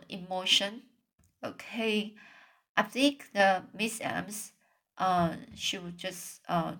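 A woman's voice: fairly low pitch, a bit bright. A woman reading a children's storybook aloud and then commenting on it, hesitant and full of fillers when she speaks freely. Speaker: reader.

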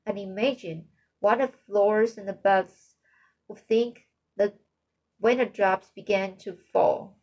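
A woman's voice: medium pitch, fairly even intonation, slow pace, a little mellow, poor audio. A woman reading the part of a cheerful, imaginative teenage girl in a storybook, talkative and dreamy.

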